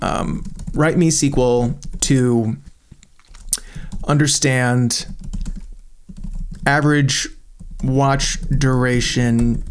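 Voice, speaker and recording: A man at an ordinary pitch talks through a software tool on screen, thinking aloud as he goes. His delivery is casual and enthusiastic, like a host walking viewers through his own test run. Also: slight background noise. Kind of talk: screen-recorded software walkthrough.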